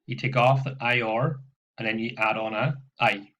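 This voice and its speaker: A man's voice: medium pitch, fairly even intonation, moderate pace, pushed and bright, slight background noise. Patient man teaching a French lesson. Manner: explains patiently with frequent "okay" and repetitions. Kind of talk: recorded classroom lesson walkthrough. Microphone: laptop microphone.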